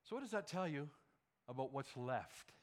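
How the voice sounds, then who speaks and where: A man's voice: mid-range voice, animated, moderate pace. A male pastor preaching a sermon with emphasis, firing rhetorical questions at his congregation.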